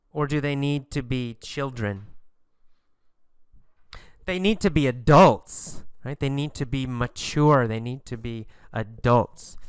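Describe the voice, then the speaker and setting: Using questions and answers about a story, a man works through an English lesson in a deliberate, emphatic teaching style with lively intonation. His mid-range voice is smooth, and the recording is dry with clean studio sound.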